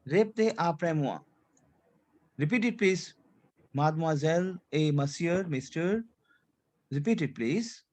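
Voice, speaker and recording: With a slightly high, expressive, darkish voice, a male teacher runs a French class at a measured pace with long pauses. He repeats points, gets students to say things back, and mixes French checks like "c'est clair" into his English.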